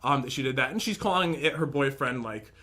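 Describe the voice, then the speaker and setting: A man's voice: mid-range voice, expressive, a little fast, sharp tone. A young man in casual commentary, rambling and aggrieved as he reads out and picks apart messages from an ex. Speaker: vlogger.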